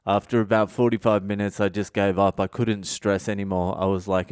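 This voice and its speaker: Low-voiced guy on a solo podcast, swearing constantly, rambly blunt stories, dry close sound. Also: little pitch movement, a little fast, darkish tone, smooth, no echo. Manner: profane, blunt, rambling anecdotes. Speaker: podcast host, comedian. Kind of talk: solo confessional podcast storytelling.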